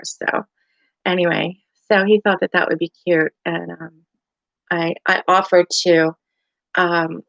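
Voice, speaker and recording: A woman's voice: fairly low pitch, creaky, a bit bright, dry recording. A tired middle-aged woman with a light Southern US accent chats casually on a home livestream, rambling through her story with lots of fillers and restarts. The sound is dry and a little dull, like a lo-fi webcam mic. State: tired and yawning. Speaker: crochet livestream host. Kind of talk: casual live chat.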